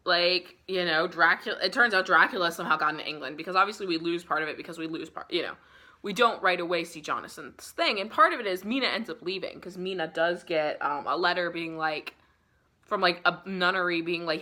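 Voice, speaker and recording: A slightly tipsy book vlogger in her twenties casually summarizes a classic novel, rambling, swearing a lot, and saying "like" constantly. Her voice is on the low side, bright and forceful, and she talks fast.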